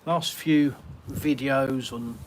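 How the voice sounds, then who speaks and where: Slight background noise sits under this British man's mid-range voice, which stays fairly even as he draws out his words. He's answering viewer chat on a relaxed live Q&A from his garden, reading comments aloud and rambling with lots of ums and uhs.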